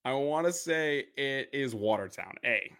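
A man who is a guest contestant on a quiz, talking in a relaxed, easygoing and slightly self-deprecating way. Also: medium pitch, measured pace, vocal fry, heavy background noise. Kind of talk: casual chat.

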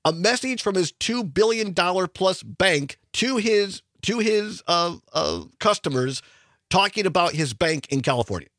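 Lively talk radio host. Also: male voice, sits high, dry recording, clean studio sound. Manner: animated, expressive, quick asides. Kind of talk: political talk radio chat.

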